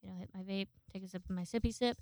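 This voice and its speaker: A woman chatting alone on her podcast at home, rambling from one thought to the next and swearing freely. Her voice is smooth and resonant, recorded close and dry. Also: mid-range voice, fairly even intonation, rapid-fire, dark tone, no room sound. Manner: rambling, swears freely, acts out quoted people. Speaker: podcast host. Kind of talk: casual solo podcast chat.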